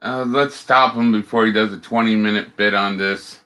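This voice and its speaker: A man's voice: on the low side, steady tone, normal speed, pushed and bright, smooth. A man talking bluntly and dryly as a guest in a casual live group chat.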